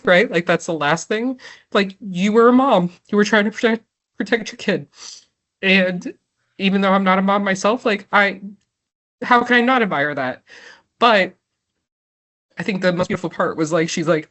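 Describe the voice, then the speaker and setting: A woman's voice: on the low side, moderate pace, a bit bright. A woman in her thirties, a guest in an interview, talking from the heart and close to tears, with lots of "like" and "right?". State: tearful. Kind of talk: emotional interview conversation.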